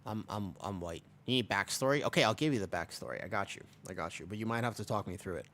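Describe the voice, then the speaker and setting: A man's voice: fairly low pitch, animated, quick pace, fairly bright tone. Rambling, joking young male streamer. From America. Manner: rambling and joking, answers chat. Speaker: livestreamer. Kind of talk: casual livestream chat while gaming.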